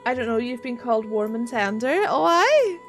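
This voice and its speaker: A woman from Northern Ireland chats casually while live-streaming a game, swearing freely and laughing often. Her fairly high voice swings widely in pitch at a moderate pace, with faint music playing behind her.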